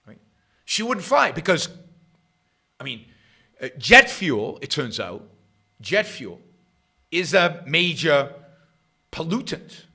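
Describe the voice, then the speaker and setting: A middle-aged man hosting a political talk livestream, sarcastic and rambling, jumping between loud emphasis and quiet muttered asides. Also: on the high side, sing-song, slow, pauses often, slightly rough. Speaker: host of a political talk show. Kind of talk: livestream commentary.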